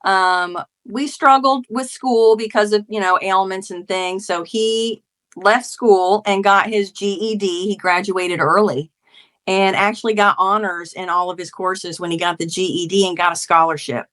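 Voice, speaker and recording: A woman's voice: mid-range voice, normal speed. A woman in her forties, a guest author and mother, telling her story with feeling and acting out quoted arguments. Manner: heartfelt, animated storytelling, acts out quoted arguments. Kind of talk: emotional conversational interview.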